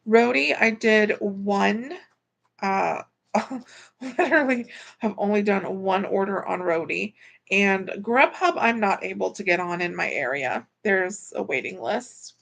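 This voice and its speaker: A chatty woman talking on a casual livestream, her voice carrying a gravelly, creaky edge at a middle pitch. She reads out viewer comments and answers them in a loose, conversational way. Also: measured pace, a bit bright. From Florida. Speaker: livestreamer and delivery driver.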